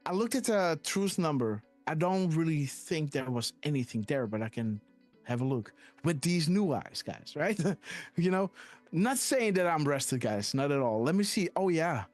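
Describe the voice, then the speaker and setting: A man's voice: fairly high pitch, very animated, normal speed, darkish tone, soft background music. A man hosting a live decoding stream, rambling and hesitant, often tagging "guys, right?" onto his sentences. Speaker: host.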